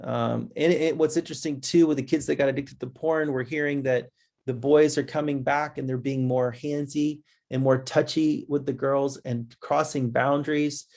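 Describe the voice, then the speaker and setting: With a gravelly, slightly mellow voice and fairly even intonation, a man presents a webinar. He addresses listeners as guys in a chatty, restless style, quickly changing pitch when imitating kids.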